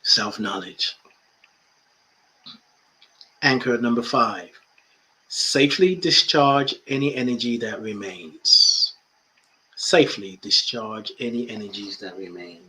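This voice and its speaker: A man's voice: lowish voice, slow, pauses often, bright, forceful tone. A man hosting a spiritual coaching podcast, emphatic and repeating key phrases, with playful asides. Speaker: life coach and podcast host.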